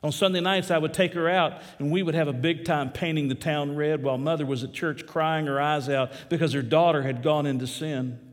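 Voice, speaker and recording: A male pastor preaching an impassioned sermon, telling a story dramatically with big swings in pitch and loudness. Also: steady tone, a little fast, hardly any pauses, in a large hall. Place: church.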